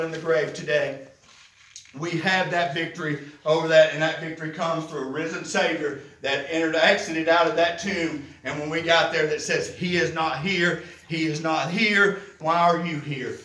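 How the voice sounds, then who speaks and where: A pastor preaching with a high, bright voice, driving home his points through repetition and building passion. The sound is roomy and echoey. He stands some way from the microphone. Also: far from the mic. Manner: preaching with rising, impassioned emphasis and repetition. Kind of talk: sermon.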